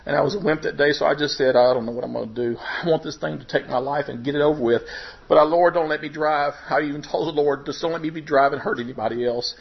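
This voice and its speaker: A man's voice: quick pace, creaky. Emotional man giving testimony, lo-fi. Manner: emotional, voice rising and breaking at high points. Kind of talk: personal testimony. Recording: dull lo-fi recording.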